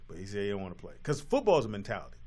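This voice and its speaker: A man's voice: fairly low pitch, huge pitch swings, racing, mellow. A man in his forties hosting a talk show, telling funny stories with teasing and laughter. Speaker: radio talk show host. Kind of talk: comedic storytelling on a talk show.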